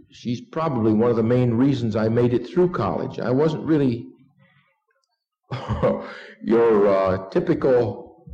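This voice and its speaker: A middle-aged man preaching an evening sermon, earnest and unhurried, leading his listeners to repeat a short text with him. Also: medium pitch, dark tone. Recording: dull lo-fi recording.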